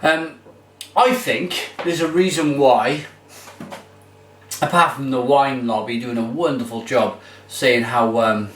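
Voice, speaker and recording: A man's voice: medium pitch, slow pace, long pauses, fairly bright tone, a little hiss or hum. A man giving a casual, enthusiastic beer tasting review. He rambles with fillers as he talks. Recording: roomy echo, mic far off.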